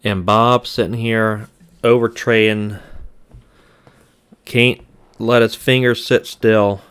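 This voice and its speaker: Annoyed guy on a trading stream, lowish smooth voice, keeps saying he's done. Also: steady tone, slow, a bit bright. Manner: frustrated, repeats himself, sighs. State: aggravated. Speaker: day trading live streamer. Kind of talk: live-stream trading commentary.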